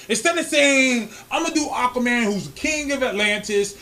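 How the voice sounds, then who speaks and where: A man co-hosting a podcast, talking loudly and excitedly, swearing freely and laughing often in casual chat. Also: extremely high pitch, normal speed, hardly any pauses. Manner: loud, animated, swears a lot, laughs often. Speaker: podcast co-host.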